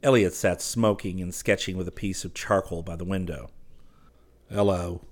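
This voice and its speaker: Low-voiced man narrating calmly. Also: brisk. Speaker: audiobook narrator. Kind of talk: scripted narration.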